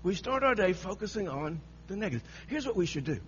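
A man's voice: high-pitched, big pitch swings, brisk, a bit bright. A man preaching a sermon, telling a story with frequent laughter and repeated phrases, on a dull lo-fi recording with a faint hum.

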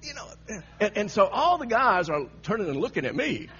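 A man's voice: sits high, very animated, normal speed, fairly bright tone, husky. A man preaching a sermon, telling a story with frequent laughter and repeated phrases, on a dull lo-fi recording with a faint hum.

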